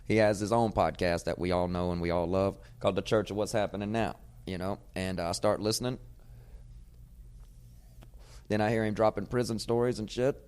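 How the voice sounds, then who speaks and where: A man, a comedian hosting his podcast, telling a casual, profane story and getting loud when he acts out old arguments. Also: lowish voice, fast, few pauses, clean tone. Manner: profane, animated storyteller who gets loud acting out arguments.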